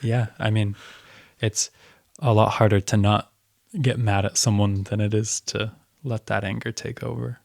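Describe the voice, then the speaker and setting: Calm young man giving advice. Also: fairly low pitch, a little slow, vocal fry, no echo, studio quality. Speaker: podcast co-host. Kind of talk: casual chat.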